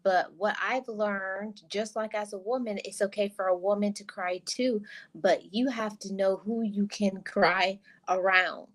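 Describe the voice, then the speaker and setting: A woman's voice: medium pitch, fairly even intonation, unhurried. A woman hosting a podcast and talking in a casual, earnest way. She often repeats her first words before a thought gets going. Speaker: podcast host.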